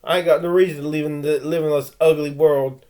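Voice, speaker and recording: A man speaks to his camera in a rambling rant, tripping over his words and circling back. His voice sits a touch high for a man. He sounds intense and blunt, like someone airing grievances. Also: steady tone, brisk, dark tone. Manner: stammering, with frequent restarts and repeated words; intense and heated, with blunt threats. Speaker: vlogger.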